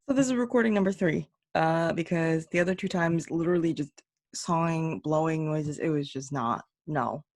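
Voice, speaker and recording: A young woman talking casually as a podcast host and English teacher, joking at her own expense and acting out quotes in a higher voice. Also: normal speed, no echo, studio quality. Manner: chatty, self-mocking, acts out quotes in higher voices. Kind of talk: casual solo podcast chat. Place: home room.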